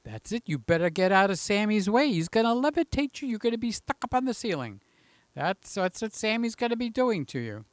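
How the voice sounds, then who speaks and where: A man's voice: sits high, big pitch swings, brisk, no room sound. Chatty older man greeting live viewers. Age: 60s. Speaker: livestream host. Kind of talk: casual chat to live viewers.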